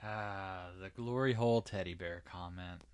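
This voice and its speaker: A man's voice: sits low, measured pace, smooth. A man co-hosting a podcast in casual chat, who swears freely and riffs in a rambling way. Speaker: podcast co-host.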